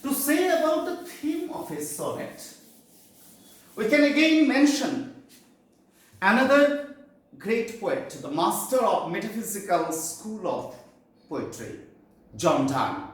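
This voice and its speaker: A man teaching a poetry class in a slow, explanatory lecture with pauses and fillers, from Bengal. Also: high-pitched, sing-song, heavy reverb, low-quality recording.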